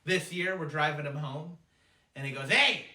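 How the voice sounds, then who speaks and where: A man performing a stand-up routine, telling family stories in a quick, animated way. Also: fairly high pitch. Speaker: comedian. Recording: echoey room, distant mic, noisy.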